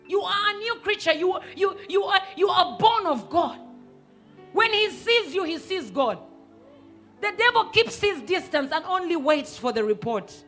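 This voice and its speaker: A woman pastor, preaching a sermon emphatically and sometimes rising to a shout. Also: very high-pitched, lively intonation, a little slow, faint music behind. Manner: emphatic, rises to shouts and acts out quoted voices.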